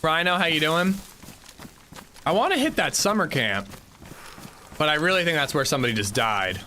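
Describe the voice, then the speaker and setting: A man's voice: on the high side, sing-song, moderate pace, bright, forceful tone, slight background noise. A man streaming a survival game, chatting casually and thanking viewers, stammering when flustered and drawing out names as he reads them. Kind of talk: casual livestream gameplay commentary.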